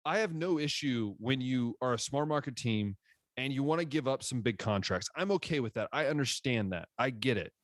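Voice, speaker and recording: Male sports podcast co-host, mid-pitch, animated ranter, dry recording. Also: normal speed, no room sound. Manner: animated, ranting with frequent restarts. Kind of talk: casual sports chat.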